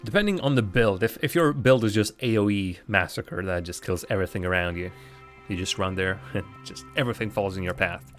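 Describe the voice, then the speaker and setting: A man's voice: deep voice, fairly quick, a bit bright, soft background music. A man giving casual, rambling commentary while streaming a game live, chatting with viewers and laughing often.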